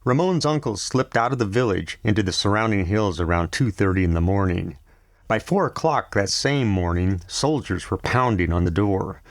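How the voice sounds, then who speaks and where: Male novel narrator, gravelly, measured, recorded dry and close. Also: on the low side, animated, no echo. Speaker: audiobook narrator.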